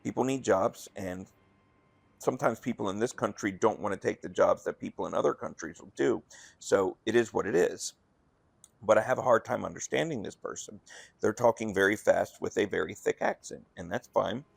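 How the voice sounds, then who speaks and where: A man's voice: on the low side, normal speed, gravelly, husky, no echo. A man, a restaurant manager, telling a rambling story in a casual, conversational way while gaming, acting out the dialogue he quotes.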